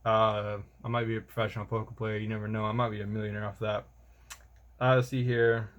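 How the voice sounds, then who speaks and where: A man's voice: lowish voice, level tone, brisk, a bit bright, muffled recording. A young man, telling a rambling, slangy vlog story about army training and calling the listener bro. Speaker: soldier vlogger.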